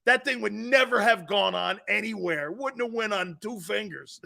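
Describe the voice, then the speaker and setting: A man hosting a live sports talk show, loud, joking and blunt, laughing often. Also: high-pitched, moderate pace, vocal fry. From lives in Florida.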